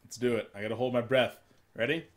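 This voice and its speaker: A young man with hiccups casts a video game match solo from a room at his mother's home, speaking fast in a mid-range voice. He's chatty and self-deprecating as he gives play-by-play, bursting with excitement on big plays.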